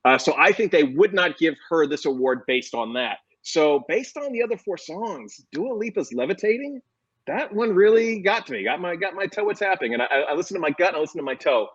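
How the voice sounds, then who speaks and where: A man's voice: a little high, lively intonation, fairly quick, fairly bright tone, husky, highs cut off. A man in a casual chat about music picks, jokey and rambling. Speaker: co-host.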